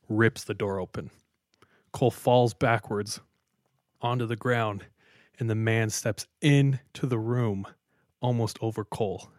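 Animated storytelling man, dry sound. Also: on the low side, no echo. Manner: animated, acts out quotes, laughs often. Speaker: podcast co-host. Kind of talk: casual storytelling.

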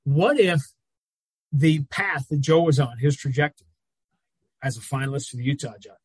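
A man talking basketball in casual chat as a regular analyst, telling stories with quick asides. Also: on the high side, husky, dry recording.

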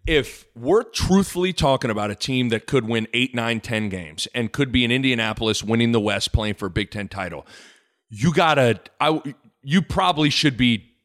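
A man hosting a casual sports podcast, animated and joking, with rambling asides. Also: medium pitch, normal speed. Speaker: podcast host.

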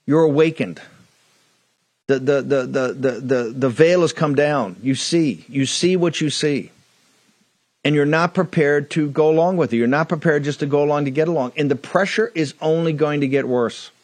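A man's voice: fairly high pitch, moderate pace, no echo. Fiery male talk show host, dry sound. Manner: emphatic, hammering repetition. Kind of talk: fiery political monologue.

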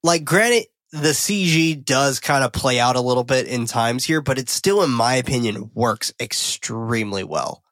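A man's voice: mid-range voice, animated, normal speed, hardly any pauses, fairly bright tone, dry recording. Profane man recapping a film. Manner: loose, profane, self-correcting storytelling. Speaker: podcast co-host. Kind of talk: casual film recap and discussion.

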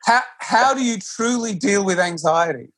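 A man who teaches yoga, speaking in a relaxed conversation and often restarting his sentences or acting out quotes. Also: high voice, normal speed. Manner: animated, with frequent restarts and acted-out quotes. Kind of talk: casual conversation.

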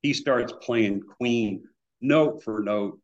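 A man telling casual stories as a guest, animated, acting out the people he quotes. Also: mid-range voice, slow. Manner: animated anecdotes with acted-out quotes. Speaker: guitar builder guest. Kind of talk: casual storytelling. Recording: dull lo-fi remote audio.

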